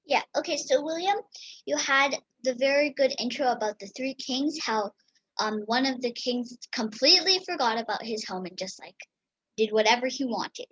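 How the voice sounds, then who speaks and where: Higher husky woman judge, dry sound. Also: animated, normal speed, a bit bright, no room sound, dull audio. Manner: friendly praise, many ums and likes. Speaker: speech tournament judge. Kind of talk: casual spoken feedback.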